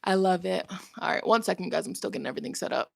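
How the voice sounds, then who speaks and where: A woman's voice: fairly low pitch, very fast, vocal fry, dry recording, clean studio sound. Chatty young woman hosting a live stream. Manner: chatty and animated, laughs often, reads out the chat. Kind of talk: casual live stream chat.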